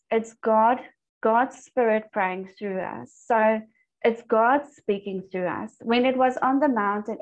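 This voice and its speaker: A woman leading a church discipleship group over a video call, teaching and telling stories earnestly. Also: a little high. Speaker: Bible study group leader. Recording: dull lo-fi online call audio.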